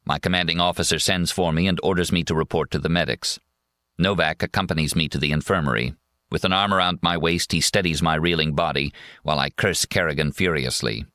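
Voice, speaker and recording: A man reading a memoir audiobook in a measured, steady first-person narration. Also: rumbling low, dry recording, clean studio sound. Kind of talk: scripted narration.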